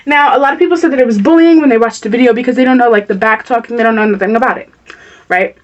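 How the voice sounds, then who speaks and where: A woman's voice: fairly high pitch, very fast, far from the mic, lo-fi sound. A young woman vlogger telling a storytime, blunt, heated and profane as she talks. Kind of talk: storytime vlog.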